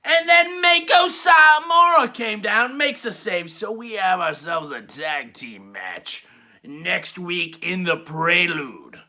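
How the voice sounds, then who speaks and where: A man giving a rowdy, crude comedic wrestling recap, laughing at his own jokes and stretching his punchlines into drawn-out hollers. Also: sits high, animated, pushed and bright. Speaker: wrestling show reviewer.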